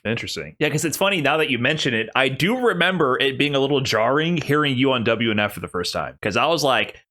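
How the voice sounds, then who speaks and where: A man hosting a casual interview, animated and laughing often as he talks. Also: mid-range voice, fast. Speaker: podcast host.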